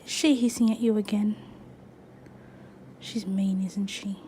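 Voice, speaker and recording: A woman's voice: medium pitch, fairly even intonation, unhurried, warm tone, a little hiss or hum. A woman vlogging in a chatty, casual way, cooing at her pets. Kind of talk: casual vlog chat. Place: outdoors in front of an ice cream shop, then at home.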